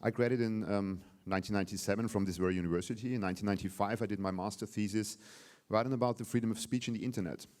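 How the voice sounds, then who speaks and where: A man's voice: lowish voice, fairly even intonation, very fast, a little mellow. A man in his forties with an Austrian German accent gives an informal, direct public speech as a government official. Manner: informal and direct, with fillers like "you know" and "yeah". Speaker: government state secretary giving a speech.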